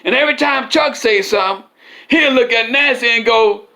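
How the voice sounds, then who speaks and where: A man with a strikingly high, bright voice rambles through a comic monologue. He keeps circling back with "you see what I'm saying?" and chuckles at his own jokes. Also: moderate pace. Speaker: comedic political commentator.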